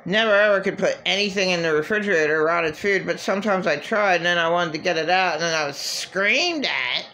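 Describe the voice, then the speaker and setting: A woman's voice: fairly low pitch, a little fast, hardly any pauses, pushed and bright. A woman vlogger venting in a rambling, agitated, profane monologue.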